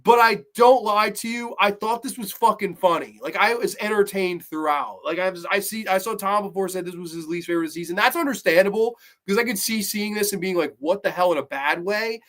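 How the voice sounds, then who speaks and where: A man casually reviewing a horror series episode, rambling and excitable, swearing freely as he recounts the plot. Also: high-pitched, fairly quick, few pauses.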